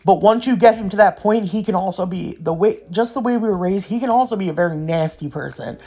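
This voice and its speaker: A woman's voice: mid-range voice, quick pace, mellow. A young woman talking casually over her nail art video, rambling and ranting as she tells a story to her viewers. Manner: rambling, ranting storyteller who says "y'all" and "yo". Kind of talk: casual chatty voiceover.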